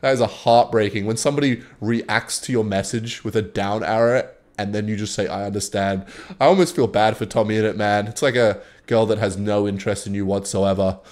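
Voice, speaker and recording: A young Australian man hosting a casual commentary vlog on online drama, animated and chuckling, with casual swearing. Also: on the low side, brisk, few pauses. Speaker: host.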